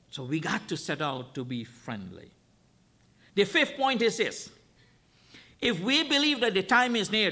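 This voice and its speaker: This guest preacher is a man whose voice rings high, bright and strong. His sermon is emphatic, built on repeated phrases and a barrage of rhetorical questions aimed at the congregation.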